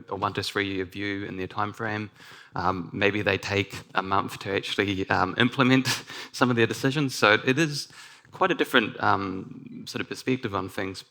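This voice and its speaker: A man with a New Zealand accent presents at a conference. His voice sits a little low, with a gravelly, bright edge. He talks in a loose, relaxed way, full of ums and self-corrections. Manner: relaxed, with frequent ums and restarts. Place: conference stage.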